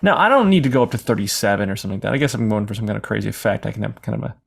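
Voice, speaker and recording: A man teaching a screen-recorded software lesson in a casual, rambling way, sometimes acting out questions from imagined viewers. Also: lowish voice, lively intonation, rapid-fire, creaky. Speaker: software tutorial instructor.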